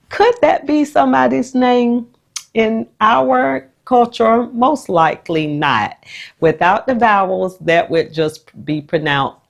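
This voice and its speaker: A woman who teaches special education explains a phonics technique to the camera in a patient, measured way. Her delivery is slow, warm and patient, with lively jumps in pitch as she acts out classroom moments.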